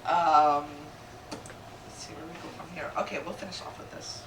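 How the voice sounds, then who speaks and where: A middle-aged woman doing a stand-up comedy set, brash and crude, rising to shouted rants. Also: sits low, steady tone, moderate pace. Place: comedy club stage with audience. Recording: echoey room, distant mic, loud crowd noise.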